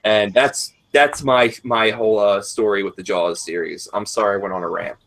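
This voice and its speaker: A man in his thirties, co-hosting a casual chat, telling a long profane story in a rambling, animated way. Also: on the low side, normal speed, vocal fry. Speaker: podcast co-host.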